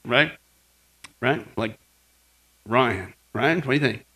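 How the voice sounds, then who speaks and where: A middle-aged pastor preaches with a high, bright voice. His pitch swings widely as he acts out shouts and tells stories, checking in with the listeners by asking "right?" again and again. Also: normal speed. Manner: animated storytelling with acted shouts and asides; keeps asking the audience "right?". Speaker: pastor teaching apologetics. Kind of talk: sermon.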